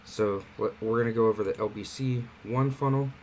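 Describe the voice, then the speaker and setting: Man, lowish voice, relaxed tutorial host, faint air-conditioner hum in the room. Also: brisk, low-quality recording. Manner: relaxed, conversational walkthrough with fillers. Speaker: online marketing platform host. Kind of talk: casual screen-share tutorial.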